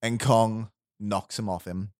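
A man's voice: lowish voice, steady tone, measured pace, no room sound, studio quality. A man casually telling a made-up story to friends, rambling with restarts and quoting characters. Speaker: storyteller pitching a movie plot. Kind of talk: casual chat.

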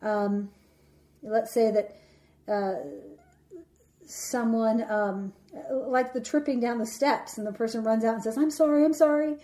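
A woman giving a reflective teaching talk about relationships, speaking in a measured, deliberate way and slowing down for emphasis. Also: fairly high pitch, level tone, warm tone.

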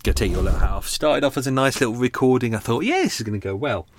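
A man's voice: mid-range voice, lively intonation, fast talker, a little hiss or hum. A man hosting a podcast from his canal boat's front room, talking in an exasperated, muttering way. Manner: exasperated, swearing, muttering under his breath. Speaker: podcast host. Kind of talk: casual monologue. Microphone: home recording setup.

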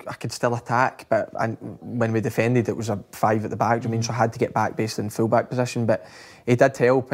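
A Scottish man, a footballer guest in an interview, telling stories in a rambling, casual way and repeating his words. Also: lowish voice. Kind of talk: casual storytelling chat.

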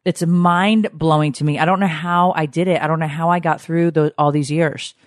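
A woman in her forties co-hosting a casual podcast, telling stories in a lively, animated way. She swears freely and leaps up in pitch whenever she quotes herself or others. The sound is dry and close. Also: normal speed, dry recording. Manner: animated storyteller, swears, jumps high for quoted lines. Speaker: podcast co-host. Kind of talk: casual chat.

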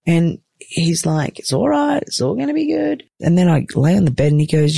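Gravelly, animated woman telling a story. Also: sits low, dry recording. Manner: animated, acts out the other people's lines; swears casually. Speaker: guest telling a personal story. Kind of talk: casual storytelling.

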